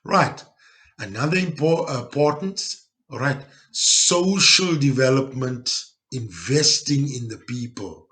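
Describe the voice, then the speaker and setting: A South African male teacher talking his learners through a lesson at an unhurried, deliberate pace. He goes step by step, says key points twice for emphasis and keeps checking that the class is following. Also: medium pitch, expressive, a bit bright. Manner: explains step by step, with frequent tag questions to check understanding. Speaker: geography teacher.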